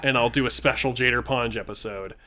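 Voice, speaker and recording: A man's voice: mid-range voice, a little fast, bright, forceful tone. A man co-hosting a gaming channel, casually retelling a tabletop game session and laughing often.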